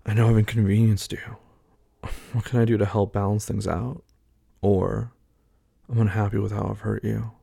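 A man's voice: fairly low pitch, flat delivery, moderate pace, vocal fry, long pauses, mellow, breathy edge, no echo, clean studio sound. A man talking casually as he works through a quiz aloud, hesitating and musing between the options. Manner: thinking aloud, hesitant, muttering fillers. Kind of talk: casual talk, taking an online quiz aloud.

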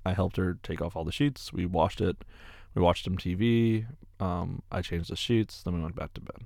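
A young man with a deep, gravelly voice answers his viewers' questions in a loose, rambling way, often repeating words and swearing casually. The sound is dry and close. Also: fairly even intonation, normal speed, a little mellow, no room sound. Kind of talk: casual Q&A chat.

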